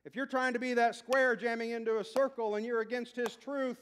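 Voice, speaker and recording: A man with a noticeably high voice delivers a sermon. He presses his points hard and climbs toward near-shouts. Then he drops into easy, joking asides aimed at the people in the pews. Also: little pitch movement, fairly quick, clear, resonant tone. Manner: emphatic, rising to near-shouts on key points; chatty asides to the congregation. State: out of breath. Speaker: pastor.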